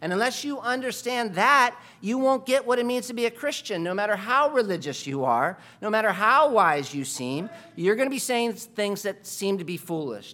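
A man preaching a sermon, emphatic and full of rhetorical questions, moving between quiet asides and loud stresses. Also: high-pitched, expressive, moderate pace, few pauses.

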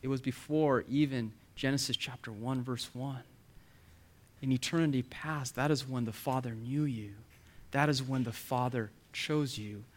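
A male pastor delivers a sermon with earnest emphasis, slowing down to stress key words. His voice sits in a middle register, and he sometimes sinks into a soft, near-whispered hush to drive a point home. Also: mid-range voice.

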